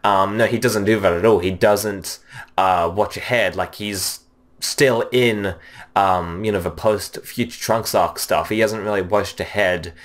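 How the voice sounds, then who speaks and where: A man's voice: on the low side, steady tone, unhurried. A man giving casual spoken commentary as a video reviewer, rambling and leaning heavily on fillers. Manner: rambling, heavy on "you know" and "um" fillers.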